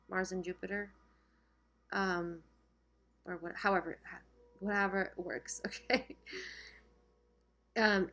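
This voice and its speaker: A woman in the middle of a relaxed tarot reading, talking straight to her viewers at a middle pitch. She keeps checking in with them as she goes, and her voice sounds a little strained and worn. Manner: chatty, keeps checking in with "okay?". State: losing her voice. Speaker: tarot reader. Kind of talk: casual spiritual reading to camera.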